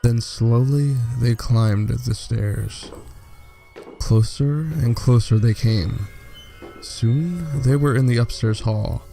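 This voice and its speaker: A man reads horror stories aloud as a theatrical host, pausing for slow dramatic effect. His voice is dark and gravelly at a mid pitch. Soft music plays quietly underneath. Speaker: horror story narrator. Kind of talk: scripted narration.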